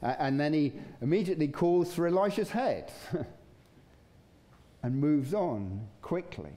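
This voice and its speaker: A man's voice: on the high side, lively intonation, slow, dark tone. A man preaching a sermon in a casual, conversational way, chuckling now and then. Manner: conversational, chuckling, acts out voices in stories. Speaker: pastor. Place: church.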